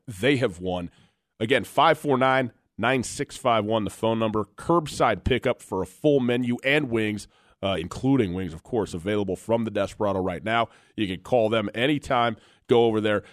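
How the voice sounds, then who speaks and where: A lower-voiced man hosting sports radio, rambling and joking at his own expense in a dry, close studio sound. He talks casually and folksy, drifting from trivia to shout-outs for local sponsors. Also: no echo. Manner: rambling, self-deprecating, folksy. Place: radio studio, sharing one mic.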